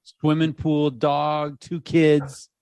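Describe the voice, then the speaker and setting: A man's voice: on the high side, flat delivery, drawn-out words, darkish tone, clean tone, dry recording. A man hosting a podcast, chiming in with quips and asking questions in an upbeat way. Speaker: podcast host. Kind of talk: casual interview chat.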